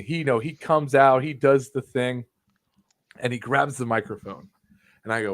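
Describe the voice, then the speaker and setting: A man's voice: mid-range voice, normal speed, pauses often. Young man rambling and swearing. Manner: profane, rambling storytelling, full of restarts. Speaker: guest, wrestling videographer. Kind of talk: casual chat.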